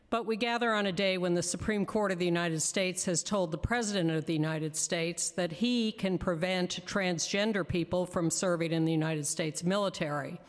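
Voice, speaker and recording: A woman giving prepared testimony at a council hearing, emphatic and deliberate, slowing down to stress each word of a list. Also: on the low side, in a large hall. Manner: emphatic, deliberate, slows on lists. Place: council chamber.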